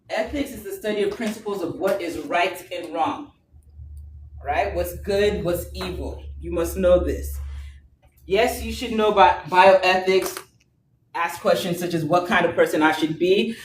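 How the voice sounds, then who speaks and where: A woman teaching a nursing class, lecturing and teasing her students in a playful way. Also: fairly low pitch. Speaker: nursing instructor. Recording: echoey classroom from far off, faint noise.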